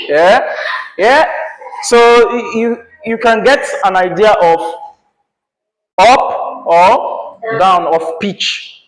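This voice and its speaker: A man's voice: sits high, slow. A male teacher, teaching a class patiently and checking in often with "yeah?" and "right?". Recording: echoey classroom.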